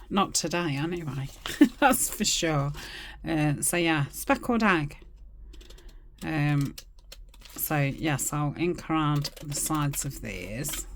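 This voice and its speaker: A woman's voice: sits low, slight background noise. A middle-aged woman chatting casually as she works on a craft project, rambling and muttering asides to herself. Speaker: craft channel host. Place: home crafting desk.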